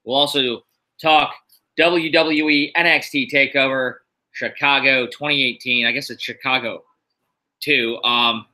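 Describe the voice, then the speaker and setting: Streaming live from his home room, this middle-aged wrestling podcast host from the US East Coast rambles through casual chat with lots of fillers, tired yet upbeat. His mid-range voice has fairly even intonation and a measured pace, with a bright, forceful tone on a rough recording.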